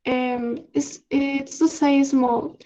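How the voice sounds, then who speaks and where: A young Peruvian woman with a Spanish accent, teaching slang in an online lesson, halting with many fillers and frequent laughs. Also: sits high, little pitch movement, warm tone, muffled recording. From Peru. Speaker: student exchange presenter. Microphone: video call.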